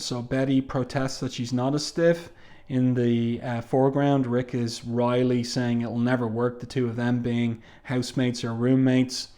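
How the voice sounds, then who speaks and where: A man at a middle pitch talks through a comic book in a relaxed, unscripted way. He pauses often with ums and uhs as he walks through the story. The recording sounds like it was made at home. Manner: unhurried, frequent ums and uhs, reads comic dialogue aloud. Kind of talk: casual spoken review.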